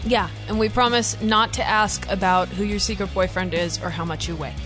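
A woman's voice: mid-range voice, fairly even intonation, moderate pace, over music. A woman co-hosting a casual podcast, teasing and giggly. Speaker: podcast co-host.

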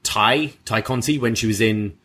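A man, co-hosting a casual wrestling review podcast, relaxed and chatty with casual swearing. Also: lowish voice, normal speed. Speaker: podcast co-host.

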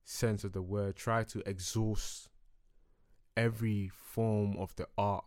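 A man from Ghana, a guest artist chatting casually in an interview, telling stories in an animated, slangy way and dropping low when reflective. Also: slow pace, no room sound, clean studio sound.

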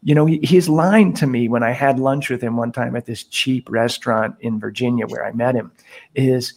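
A man's voice: medium pitch, fairly even intonation, moderate pace, gravelly, darkish tone. A man, a priest, chatting and telling stories on a podcast, laughing as he goes. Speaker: priest guest. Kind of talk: casual podcast storytelling. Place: Guatemala, on a remote call.

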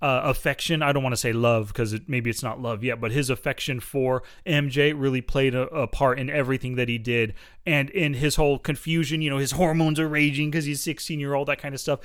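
A man co-hosting a casual podcast, telling stories in an easygoing, steady way with fillers. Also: medium pitch, a little fast, hardly any pauses, smooth. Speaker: podcast co-host. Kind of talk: casual chat.

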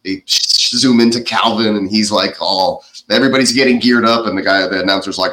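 Bright-voiced man recapping a movie. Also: fairly low pitch, brisk, hardly any pauses, poor audio. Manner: animated retelling, laughs often. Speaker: podcast co-host.

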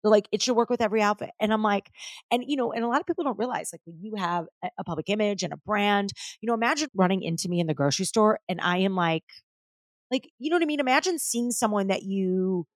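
A middle-aged woman talks through a casual solo podcast episode, loose and animated. She drops "like" constantly, swears freely and slips into other people's voices to act out what they said. Her voice sits at an ordinary pitch, recorded dry and close with no room sound. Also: dry recording. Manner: chatty and animated, many "like"s and swearing, acts out others' lines. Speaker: podcast host.

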